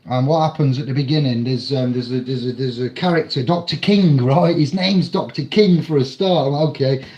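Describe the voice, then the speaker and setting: A man casually recapping a film in a rambling, halting way, with many fillers and restarts. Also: mid-range voice, mellow. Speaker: film reviewer. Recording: dull lo-fi audio in an echoey room.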